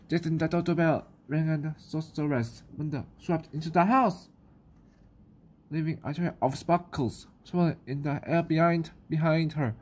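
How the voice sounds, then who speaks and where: A woman with a New Zealand accent reading a children's picture book aloud, slowly and carefully, with small stumbles. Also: sits low, darkish tone, a little hiss or hum. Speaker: storyteller.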